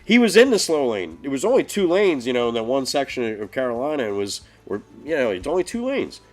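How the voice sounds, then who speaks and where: Animated swearing man telling road stories. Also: mid-range voice, a little fast. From northeastern US. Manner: animated storytelling, heavy swearing. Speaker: podcast co-host. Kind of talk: casual live-stream chat.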